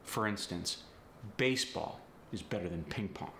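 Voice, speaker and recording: A man's voice: low voice, normal speed, vocal fry, fairly bright tone, slight background noise. A man coaching accents in an upbeat, teasing teaching manner. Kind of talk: instructional video. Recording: roomy echo.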